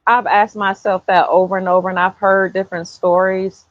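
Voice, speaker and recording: A woman's voice: mid-range voice, level tone, normal speed, no echo, narrow, tinny audio. A woman hosting a podcast, telling a personal story in an earnest, casual way and often repeating herself. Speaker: podcast host.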